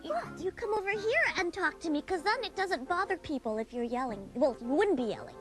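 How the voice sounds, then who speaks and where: Very high childlike puppet voice, lively and sing-song, fussy about good manners. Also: fairly quick, faint music behind. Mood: explaining. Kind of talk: 1990s children's TV puppet acting.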